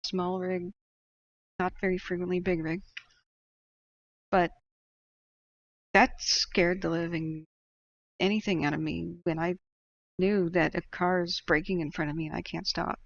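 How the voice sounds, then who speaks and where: Woman streamer with a husky-edged fry, casual and opinionated as she reads chat, on a muffled mic. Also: on the low side, level tone, unhurried, long pauses. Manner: opinionated, chatty, laughs often. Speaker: livestream host reading chat.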